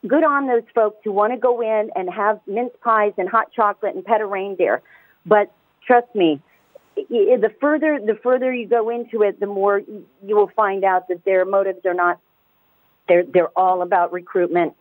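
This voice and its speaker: A woman calling in to a radio talk show, speaking fast and emphatically and often restarting her words. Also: mid-range voice, fairly even intonation, no room sound. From United States. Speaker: caller. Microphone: telephone. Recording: tinny phone line, dry.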